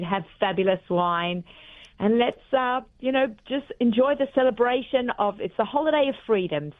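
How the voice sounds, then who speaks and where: A woman chef with an Australian accent, chatting casually as a guest on a radio interview, full of cooking tips. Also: medium pitch. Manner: chatty, warm-hearted cooking tips with fillers. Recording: phone-line audio.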